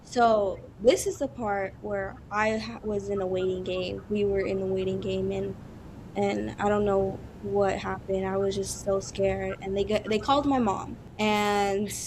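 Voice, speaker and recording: A young woman on a podcast, telling her story in an animated way and laughing often. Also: mid-range voice, a little slow, a little hiss or hum. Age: young adult. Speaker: guest, cancer survivor. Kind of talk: casual podcast chat.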